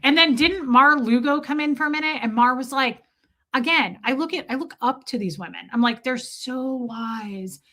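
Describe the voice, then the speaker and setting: A woman hosting a livestream, telling a wild story to her chat in an animated way, full of "like" and swearing. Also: high-pitched, a little fast. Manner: animated, lots of "like" fillers and cursing. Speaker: livestream host. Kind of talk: casual storytelling to a live chat.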